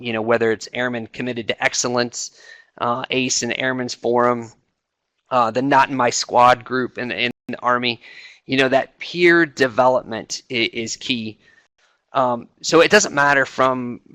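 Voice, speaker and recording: A middle-aged man talks to a webinar audience in a loose, conversational way, full of fillers and restarts. His voice is bright and forward at a middle pitch, recorded close and dry. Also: no echo. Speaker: senior enlisted advisor speaking on a webinar. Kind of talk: informal talk to a webinar audience.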